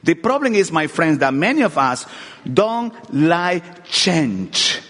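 A man's voice: fairly high pitch, very animated, slow pace. Man preaching. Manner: earnest, repeats words, swings from loud to hushed. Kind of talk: sermon with personal testimony. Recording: long hall reverb.

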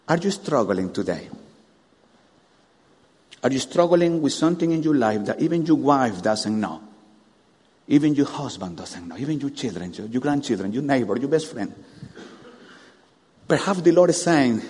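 A man preaching a sermon, animated, firing rhetorical questions at the congregation. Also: mid-range voice, normal speed, husky. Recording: long hall reverb.

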